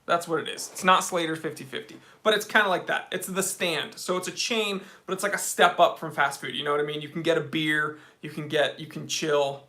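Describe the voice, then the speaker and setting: A young man hosts a casual livestream and tells his story as a comic rant. His voice is bright and forward, and he calls out to viewers by name as he goes. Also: fairly high pitch, brisk, hardly any pauses. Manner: animated comic ranting. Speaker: livestream host.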